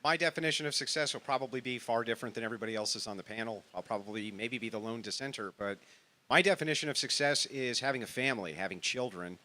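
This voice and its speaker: Earnest, measured man with a bright voice. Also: medium pitch. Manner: measured, earnest, quotes scripture. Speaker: panel guest. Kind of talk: podcast panel discussion.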